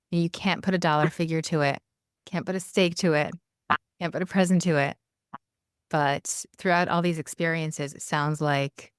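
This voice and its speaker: A woman hosting a podcast who reflects a guest's stories back and asks gentle follow-up questions. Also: sits low, clean tone, dry recording, studio quality. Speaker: podcast host. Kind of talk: interview questions.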